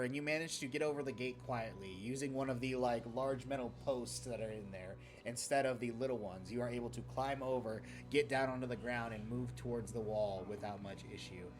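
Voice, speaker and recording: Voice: medium pitch, normal speed, soft background music. A game master narrating a tabletop game, loose and chatty with frequent laughs.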